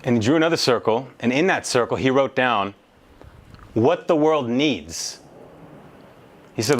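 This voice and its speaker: A man's voice: mid-range voice, expressive, moderate pace, pauses often. A man in his thirties giving a storytelling keynote speech, emphatic and conversational. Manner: emphatic, conversational, swears casually. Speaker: motivational speaker.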